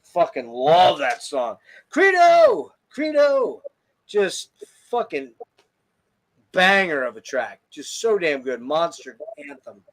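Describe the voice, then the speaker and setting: Man, podcast host, casual music chat, enthusiastic, profane, slightly high voice. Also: animated, takes it slowly, a bit bright. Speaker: podcast host reviewing albums.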